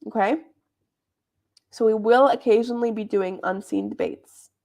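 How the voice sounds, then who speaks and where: A woman's voice: fairly high pitch, normal speed, darkish tone. A young woman leading a debate club workshop, explaining in a chatty, informal teaching manner. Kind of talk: explaining debate judging criteria.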